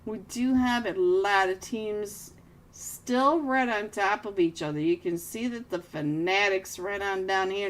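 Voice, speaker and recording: Slow-spoken woman casting a mobile shooter. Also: mid-range voice. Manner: excitable, self-mocking, jumps between play calls and chat. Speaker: esports caster. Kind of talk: live game commentary.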